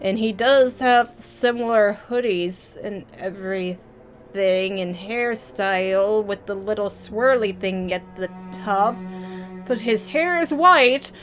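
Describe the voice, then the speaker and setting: A woman hosting a let's play, reacting emotionally to a story game and swearing freely. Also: high-pitched. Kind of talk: casual gameplay commentary.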